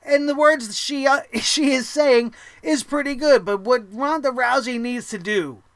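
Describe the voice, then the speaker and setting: A man's voice: very high voice, unhurried, dry recording. A man hosting a wrestling review show, ranting heatedly and swearing often. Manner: profane, heated, animated ranting.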